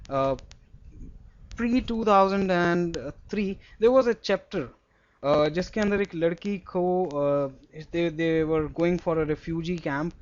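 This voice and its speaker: A young man with an Indian English accent teaching geography to a class in a classroom. He asks playful questions and mixes Hindi with English. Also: on the high side. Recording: dull lo-fi classroom recording.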